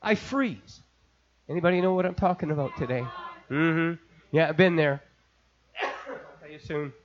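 A man preaching an impassioned sermon, building from quiet storytelling to shouting. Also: on the high side, moderate pace, highs cut off, a little hiss or hum. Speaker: pastor.

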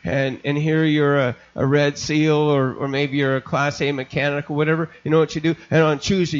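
An older male pastor from Canada gives a sermon as a lively story, stumbling over repeated words and slipping into voices. His voice sits a little high for a man, on a dull, lo-fi recording.

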